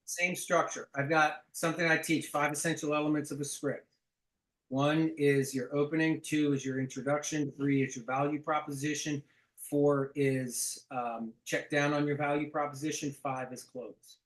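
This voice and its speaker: A man's voice: on the high side, little pitch movement, normal speed, a bit bright, reverberant, poor audio. A man coaching a sales team, blunt and emphatic, swearing casually as he explains.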